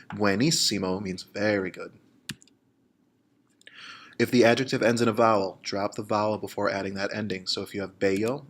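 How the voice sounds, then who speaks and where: A man explaining grammar in a recorded lesson, slowing down to spell out examples. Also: on the low side. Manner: steady explanatory pace, slows to spell out examples. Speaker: Spanish teacher.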